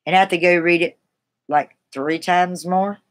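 A woman's voice: fairly low pitch, fairly even intonation, moderate pace. A woman from the American South with a Southern accent, chatting casually and rambling to viewers on a live stream. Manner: chatty, rambling, laughs easily.

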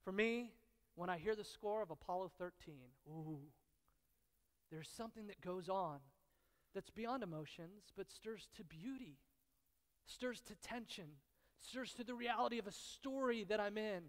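A pastor preaching a sermon, telling stories with repetition and dramatic pauses, swinging from hushed, intimate lines to loud, excited bursts. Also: male voice, sits high. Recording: long reverb of a large hall.

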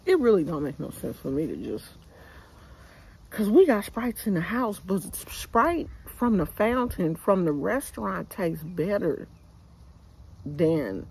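A woman's voice: on the low side, vocal fry, darkish tone, breathy edge. An older woman with a Bay Area accent, telling a casual story to her viewers in a chatty, slangy way, outdoors in her yard and recorded on a phone camera. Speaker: vlogger. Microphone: phone camera held by speaker.

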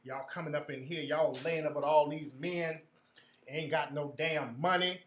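A blunt, scolding grandmother, put on by a man drops low and quiet to lay into a grown grandchild. Her voice comes out gruff and deep, with a roomy echo around it. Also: steady tone, normal speed, a little hiss or hum, natural voice.

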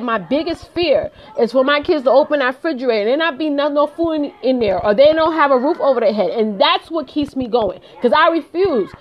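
A woman's voice: sits high, dull audio. A woman speaking straight to her viewers in a motivational live stream, emphatic and repeating her points. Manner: emphatic, repeats phrases, addresses viewers directly. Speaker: home business consultant.

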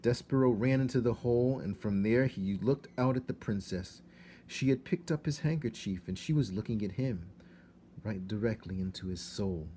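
Male teacher reading aloud, low, expressive, slight hiss behind. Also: normal speed. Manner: expressive, shifts to hushed tones. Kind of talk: read-aloud storytelling.

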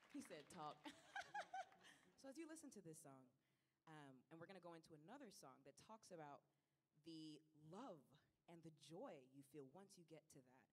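A woman's voice: low-pitched, sing-song, normal speed, slight background noise. A young singer-songwriter in her twenties, chatting casually and a little nervously between songs, with frequent laughs. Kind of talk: casual stage banter. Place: live concert stage in a large hall. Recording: reverberant concert hall.

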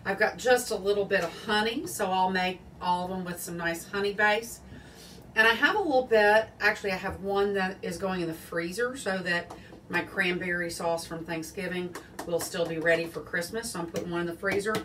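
A woman's voice: on the low side, normal speed, fairly bright tone, far from the mic. Casual woman cooking-show host, chatty and rambling, heard from a little way off the camera mic with faint background noise. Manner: chatty, rambling, self-deprecating. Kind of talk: casual home cooking livestream. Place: home kitchen. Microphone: phone or camera on small tripod, set back.

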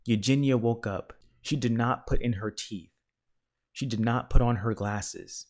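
A man reading a children's picture book aloud in a calm, measured narration. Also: medium pitch. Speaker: storyteller.

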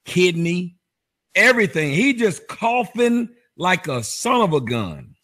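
A man's voice: sits high, sing-song, takes it slowly, pushed and bright. A man hosting a commentary show, mocking the clips he plays in a sarcastic, sing-song teasing way. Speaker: commentary host.

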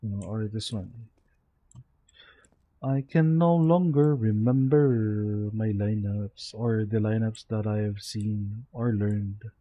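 A man's voice: on the low side, steady tone, takes it slowly, narrow, tinny audio. A sleepy young man with a Filipino accent, mumbling to himself as he streams a game. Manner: mumbling to himself, code-switching into Tagalog. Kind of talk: casual gameplay commentary.

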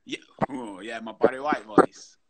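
A man's voice: mid-range voice, normal speed, crowd noise. A man hosting a casual chat show over a video call, chatty and full of matey banter.

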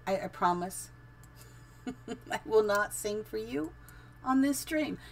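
A woman's voice: fairly high pitch, animated, takes it slowly, creaky, slight background noise. A middle-aged woman casually commenting on her live-streamed building game, chatty and giggly, thinking aloud as she goes.

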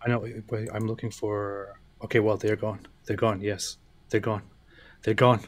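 A man's voice: lowish voice, little pitch movement, normal speed, a crowd in the background. A man co-hosting a casual live stream, playful and teasing, laughing often.

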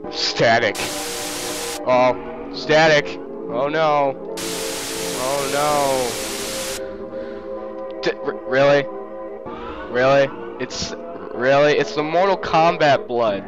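A man giving crude, jokey commentary on a horror game, reacting loudly to the scares. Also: mid-range voice, slow, long pauses, poor audio. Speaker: gameplay commentator. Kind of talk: let's play commentary. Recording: game music playing under the voice. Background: game music.

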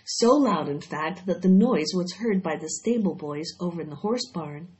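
A woman reading a children's story aloud in a steady, expressive way. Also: on the low side, moderate pace, hardly any pauses. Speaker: audiobook reader. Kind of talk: storybook read-aloud narration. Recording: dull lo-fi recording.

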